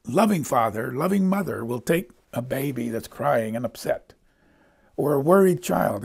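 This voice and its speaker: A man's voice: medium pitch, lively intonation, moderate pace, vocal fry, a little mellow, slightly rough. A middle-aged man preaching a sermon as a pastor, speaking in an earnest, emphatic way.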